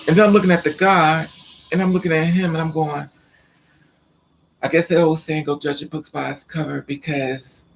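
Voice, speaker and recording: A man vlogging, telling a personal story in a casual, animated and rambling way, with streetwise slang. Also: fairly high pitch, normal speed, gravelly, slight background noise.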